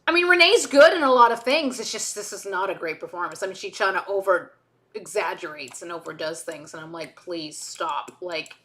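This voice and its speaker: A woman's voice: medium pitch, expressive, moderate pace, a bit bright. A woman streaming while she edits, chatting casually in a rambling way with frequent self-interrupting asides. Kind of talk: casual chat while video editing.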